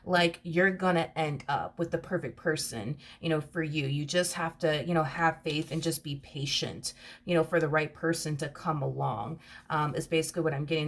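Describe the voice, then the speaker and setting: Chatty, emphatic tarot-reading woman. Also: low-pitched. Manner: chatty and emphatic, repeats herself, calls the listener honey. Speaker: tarot reader. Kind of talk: casual tarot reading to camera.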